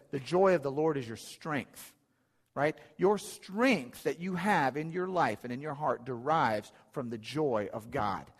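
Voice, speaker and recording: Preaching man in a reverberant hall. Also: fairly high pitch. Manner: earnest, emphatic preaching with repeated phrases. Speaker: pastor. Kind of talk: sermon.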